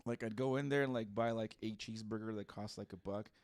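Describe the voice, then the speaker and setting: A man's voice: lowish voice, steady tone, fast talker, darkish tone, no room sound. A man co-hosting a podcast in casual chat, rambling through stories, swearing and laughing often. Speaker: podcast co-host.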